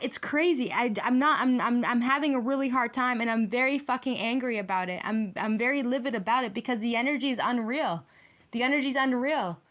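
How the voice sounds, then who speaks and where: A woman's voice: a little high, a little fast, a bit bright. A woman giving a tarot reading to her viewers, ranting in a heated, profane and repetitive way. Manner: addresses viewers directly. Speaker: tarot reader.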